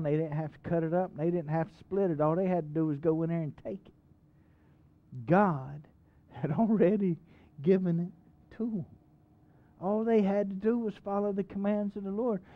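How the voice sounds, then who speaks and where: A man's voice: sits high, narrow, tinny audio. A male pastor preaching a sermon in a church, folksy and emphatic, asking the congregation questions. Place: church sanctuary.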